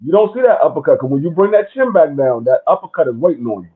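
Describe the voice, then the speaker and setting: A man's voice: a little high, very animated, fast talker. A man on a casual panel call, explaining boxing technique step by step. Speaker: panel guest. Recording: tinny phone line.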